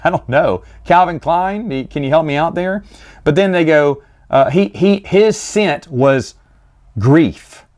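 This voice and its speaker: A man's voice: mid-range voice, a little mellow. A man hosting a casual review monologue, rambling with jokey, exasperated asides. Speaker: host reviewing stories.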